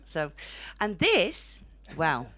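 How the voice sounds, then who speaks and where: Young Northern English woman, low-pitched, blunt stand-up delivery in a comedy club. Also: huge pitch swings, drawn-out words, bright, forceful tone. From Northern England. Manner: blunt, chatty, laughs at own jokes. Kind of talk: stand-up set.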